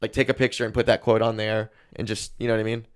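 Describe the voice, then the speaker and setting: A man's voice: lowish voice, little pitch movement, fast, clean tone. A man on a podcast as a guest, telling a long personal story in a casual, rambling way with plenty of swearing. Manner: rambling, profane, frank about his anxiety.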